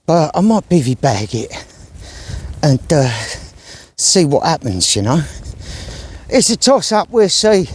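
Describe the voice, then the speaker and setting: A man's voice: fairly high pitch, a little mellow, no room sound. A man chatting casually and rambling in slang while filming himself on an outdoor country walk. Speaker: vlogger. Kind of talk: casual outdoor vlog chat.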